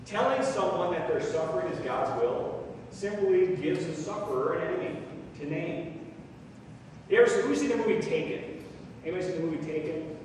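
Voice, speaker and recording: Pastor preaching to his congregation, lively and questioning; higher male voice, heard far off in a reverberant sanctuary with faint ambience. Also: fairly quick, noisy background. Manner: animated, mimics dismissive comforters, asks the congregation questions. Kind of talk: sermon. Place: church sanctuary. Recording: echoey church hall from far off.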